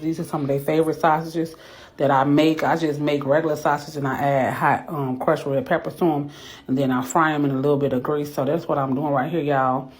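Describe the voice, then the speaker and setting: A woman, a mother recording a rambling, emotional confessional vlog at home, teary from crying and talking herself through her morning out loud. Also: sits low. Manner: rambling, talks to herself aloud. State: teary, has been crying. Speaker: vlogger, mother. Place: home bathroom and kitchen.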